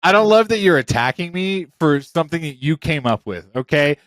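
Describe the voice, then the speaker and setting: A man co-hosting a podcast in casual chat, animated and swearing, quick to play defensive. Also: on the high side, dry recording. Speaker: podcast co-host.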